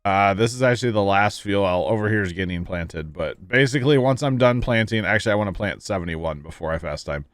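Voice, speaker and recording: Chatty low-voiced streamer. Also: male voice, fast talker, few pauses, no echo. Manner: chatty, reads chat aloud, explains farming gear. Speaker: livestream host. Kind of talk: casual gameplay commentary.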